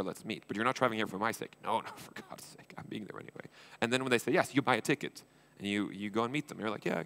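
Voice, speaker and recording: A man's voice: mid-range voice, vocal fry, fairly bright tone. A man from Sweden giving a conference keynote, informal and blunt, acting out little dialogues with swearing asides. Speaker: conference speaker, entrepreneur and investor. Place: conference stage.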